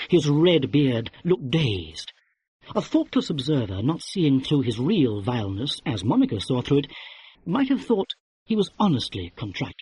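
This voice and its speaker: A man narrating a classic mystery novel as an audiobook, with wry, expressive storytelling. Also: medium pitch, normal speed, husky, no echo.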